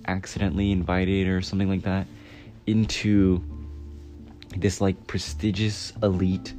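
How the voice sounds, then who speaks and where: A man's voice: low-pitched, a little mellow. A man in his twenties casually reviewing a film in a rambling way, with many "like" fillers. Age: 20s. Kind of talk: casual chat. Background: music.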